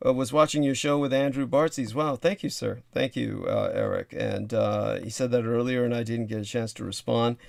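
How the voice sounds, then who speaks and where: A man's voice: mid-range voice, normal speed, gravelly, few pauses, darkish tone, dry recording, clean studio sound. A man hosting a casual livestream chat, rambling with lots of fillers and asides. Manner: rambling with many fillers and laughs. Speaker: livestream host.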